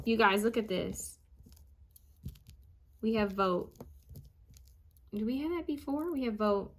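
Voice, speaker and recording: Slow, musing woman psychic. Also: on the high side, lively intonation. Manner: musing, repeats each word she hears; hesitant with frequent ums. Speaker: psychic medium. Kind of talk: channeled message reading.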